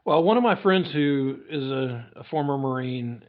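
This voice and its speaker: A man, a podcast guest, speaking in a measured and thoughtful way in casual chat. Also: medium pitch, expressive, narrow, tinny audio.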